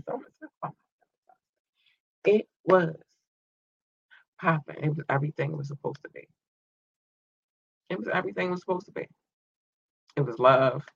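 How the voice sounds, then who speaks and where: A man hosting his own show in a loose, slangy, chatty way, rattling through listener shout-outs. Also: medium pitch, no room sound. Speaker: podcast host. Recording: dull lo-fi dry sound.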